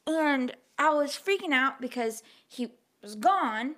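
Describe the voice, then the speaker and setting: A woman telling a story in casual chat, animated and full of "like.". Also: high-pitched, slow pace. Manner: animated storyteller, heavy use of "like".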